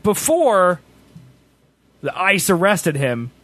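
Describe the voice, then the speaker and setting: A man's voice: high voice, sing-song, slow pace, a bit bright. A man from Kansas chatting casually as a podcast co-host, rambling and laughing often. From Kansas, USA. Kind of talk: casual chat.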